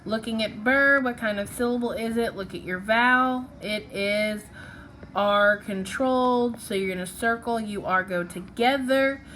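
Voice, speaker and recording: A woman's voice: a little high, measured pace, fairly bright tone, a little hiss or hum. A woman teaching a phonics lesson, patiently sounding out syllables and letters one by one.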